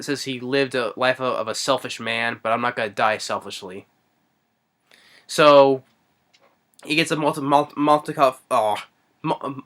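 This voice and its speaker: A man's voice: medium pitch, bright, forceful tone. A man retelling a movie's plot in a casual, rambling way, full of hesitations and fillers. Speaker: movie reviewer. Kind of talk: casual spoken movie recap.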